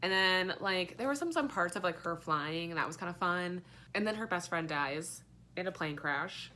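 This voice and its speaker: A woman's voice: lowish voice, lively intonation, normal speed, sharp tone, a little hiss or hum. A young woman giving a casual, rambling book review, sarcastic and full of fillers and swearing.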